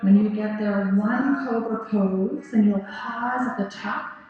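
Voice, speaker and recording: A woman leading a yoga class, giving calm, encouraging cues and praise. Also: medium pitch, takes it slowly, a little hiss or hum. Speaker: yoga teacher. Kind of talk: guided yoga class instruction. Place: yoga studio. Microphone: 360 camera in the room. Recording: roomy, slightly dull recording with faint music.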